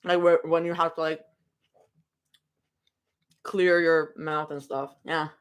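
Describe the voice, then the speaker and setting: A woman's voice: sits low, flat delivery, slow pace, smooth. A young woman streaming from home, chatting casually and rambling between snacks during a live reading. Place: home room.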